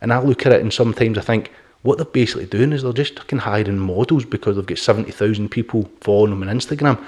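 A man's voice: on the low side, fast, hardly any pauses, a little mellow, slightly rough. Blunt, sweary man chatting. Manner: blunt, sweary, opinionated, laughs often. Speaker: podcast host. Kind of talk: casual podcast chat.

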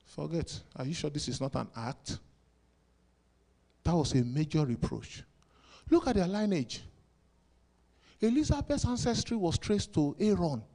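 A pastor preaching a sermon, asking rhetorical questions and bursting into sudden loud shouts. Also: male voice, sits high.

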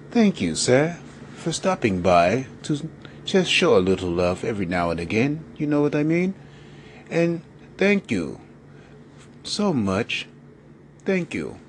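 A man's voice: medium pitch, very animated, slow, long pauses, a little hiss or hum. A man calling in with a playful mock-formal, put-on British manner. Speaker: caller.

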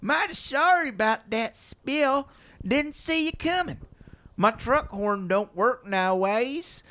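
A folksy old farmer, short and plump, drawls slowly in a high, lifted voice, as a man puts him on. His grammar is loose and countrified, and his pitch climbs and swoops while he apologizes. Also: expressive, pushed and bright, heavily acted.

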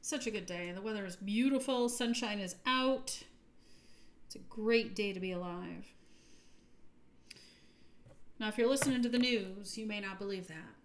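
A woman hosting a podcast, giving an earnest, upbeat spiritual talk that often trails off softly at the ends of phrases. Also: mid-range voice, normal speed, long pauses, a little hiss or hum. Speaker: podcast host.

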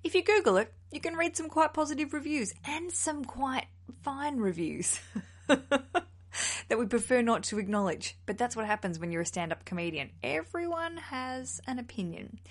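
A woman, hosting a casual solo podcast in a chatty, animated, self-mocking way. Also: sits high, normal speed. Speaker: podcast host.

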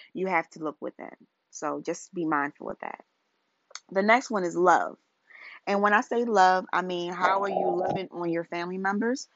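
A woman hosting a casual solo podcast, talking in a relaxed, chatty way and often restarting her phrases. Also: lowish voice, no echo, muffled recording. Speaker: podcast host.

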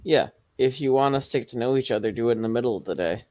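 A man's voice: medium pitch, fast talker, darkish tone. A man co-hosting a casual chat, dropping short, dry, joking asides.

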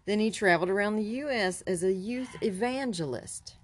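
A woman's voice: medium pitch, normal speed. A woman co-hosting a casual talk show, laughing often as she reads from her notes. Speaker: podcast co-host. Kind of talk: casual chat.

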